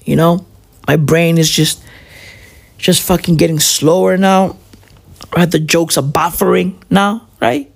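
A woman's voice: fairly low pitch, measured pace, creaky, long pauses, breathy edge. A tired woman doing a profane, rambling comedic rant that keeps drifting off on tangents.

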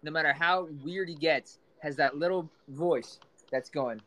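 A man's voice: a little high, measured pace, a bit bright. A man co-hosting a podcast, rambling through crude casual banter. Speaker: podcast co-host.

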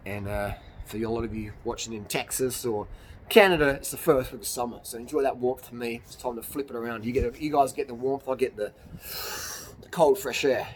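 Out in the hills on a cold evening, a male YouTuber delivers a blunt, rambling motivational rant, swearing and laughing at his own jokes. His mid-range voice moves fairly quickly, with slight background noise.

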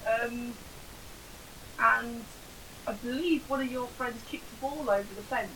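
A woman's voice: fairly high pitch, unhurried, a bit bright, slight background noise, rough recording. Teasing English woman in her forties. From Northamptonshire, England. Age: 40s. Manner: teasing, laughs easily, drops to a breathy whisper at times. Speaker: podcast co-host. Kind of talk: casual banter.

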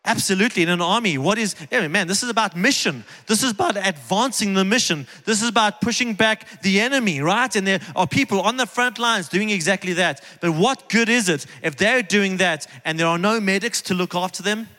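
A man delivers a sermon in a fairly high, bright and forceful voice, earnest and conversational, repeating key phrases for emphasis. His words ring out with the long reverb of a large church hall. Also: brisk, few pauses. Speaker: preacher. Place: church sanctuary, on stage.

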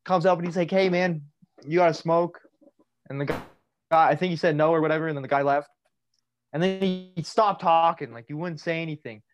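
Man, young, slightly high voice, loose rambling storyteller, casual podcast chat. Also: quick pace, lo-fi sound. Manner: rambling, filler-heavy, laughs through his stories. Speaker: podcast co-host.

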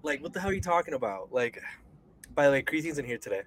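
A man's voice: on the high side, animated, fast, slight background noise. Profane young man ranting on a podcast. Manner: heated, profane ranting with sighs. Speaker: podcast co-host. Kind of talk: casual podcast chat.

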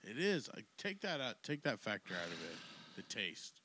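A man's voice: lowish voice, big pitch swings, moderate pace, sharp tone, slight background noise. A man hosting a casual podcast chat, loose and laughing with crude humor. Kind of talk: casual chat and joke telling.

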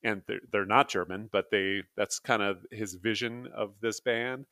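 Male podcast co-host, low-ish voice, loose rambling delivery, dry close mic. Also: fairly even intonation, measured pace, sharp tone, dry recording. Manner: rambling, laughing often, many restarts. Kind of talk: casual podcast chat.

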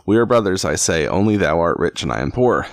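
A man's voice: low voice, sing-song, brisk, no room sound. A man voicing a merry, sly outlaw who poses as a beggar in a read-aloud storybook, pleading in a teasing way.

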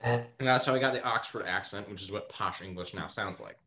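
A man's voice: fairly low pitch, fairly quick, pushed and bright. A man acting as game master in a casual tabletop session over a voice call, explaining things at length in an opinionated way. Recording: muffled call audio with faint noise.

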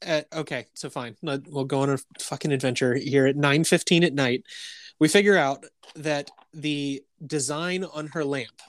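A man in his thirties co-hosting a podcast, telling animated stories in casual chat, swearing often and laughing between lines. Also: a little high, normal speed, dry recording. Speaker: podcast co-host.

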